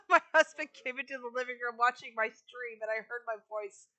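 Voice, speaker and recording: A woman streams a game and chats casually with her viewers as she works. Her voice is fairly high, bright and forceful. She talks in a loose, chatty way and answers the chat as she goes. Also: fairly quick, highs cut off. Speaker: live streamer.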